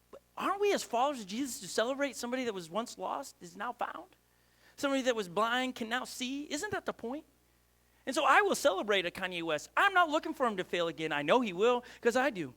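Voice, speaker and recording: A male pastor preaching with a high, bright, forceful voice. He talks with energy, fires off rhetorical questions and often stops and restarts mid-sentence. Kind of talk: sermon.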